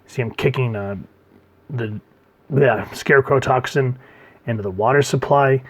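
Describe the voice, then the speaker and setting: A man's voice: mid-range voice, unhurried, breathy edge. A man giving a casual comic book review, rambling with fillers and restarts.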